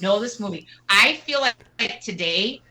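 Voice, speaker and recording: A woman guest on a radio interview, talking in a casual, animated and mocking way with quick asides. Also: mid-range voice, low-quality recording. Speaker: guest singer.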